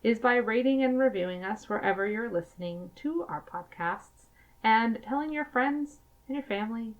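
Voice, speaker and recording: A woman's voice: on the high side, highs cut off. Chatty woman podcast host. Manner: chatty, laughs often, emphatic. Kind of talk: casual podcast chat.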